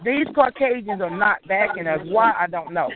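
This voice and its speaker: A woman's voice: mid-range voice, lively intonation, moderate pace, a crowd in the background. Insistent woman on a tinny phone line. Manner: insistent, repeats her points. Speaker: reunion committee member. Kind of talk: heated phone meeting.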